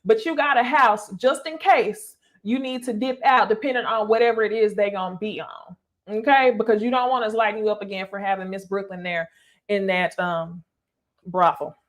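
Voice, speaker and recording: A woman's voice: medium pitch, moderate pace. A woman giving a chatty, gossipy recap of a reality TV episode, talking straight to her viewers. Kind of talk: casual recap commentary.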